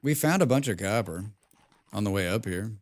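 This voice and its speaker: A young man commenting live on a survival game, excitable, talking to himself, humming and swearing between moves. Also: fairly low pitch, moderate pace. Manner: excitable, talks to himself, hums and mutters while playing; swears often. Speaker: streamer.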